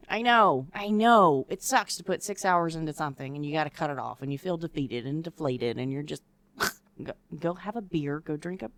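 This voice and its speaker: On a casual podcast, a woman co-host teaches decorative rod wraps in a smooth, low voice. She tells stories with real animation, acting out how she reacted in the past, and there's slight background noise.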